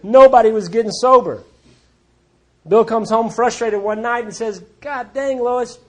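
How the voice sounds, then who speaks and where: A man with a high voice shares his testimony at a recovery group meeting, speaking at a moderate pace. He's plainspoken and blunt, with a wry sense of humor.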